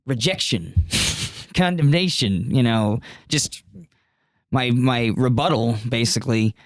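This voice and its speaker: A man's voice: medium pitch, lively intonation, slow, dry recording. A young man spins a long party story with loose, rambling phrasing and plenty of swearing. His voice sits mid-range and comes across close and dry, with no room around it. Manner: rambling, profane, many fillers. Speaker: podcast guest. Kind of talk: casual storytelling.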